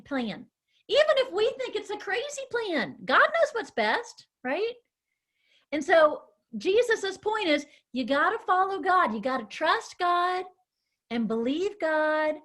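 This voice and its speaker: Animated woman teaching children. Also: very high voice. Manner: animated, encouraging, calls on children by name. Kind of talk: children's Bible lesson.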